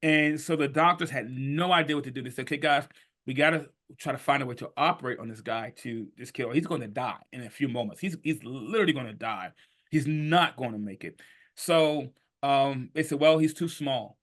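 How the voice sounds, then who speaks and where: Animated man in his fifties, bright voice. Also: mid-range voice, brisk. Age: 50s. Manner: animated, emphatic, breaks into bursts of shouting. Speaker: podcast guest. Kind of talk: storytelling in conversation.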